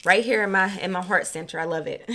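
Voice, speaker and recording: A woman giving a casual, slangy spiritual card reading, chatty and quick to laugh. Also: medium pitch, background noise. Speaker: tarot reader.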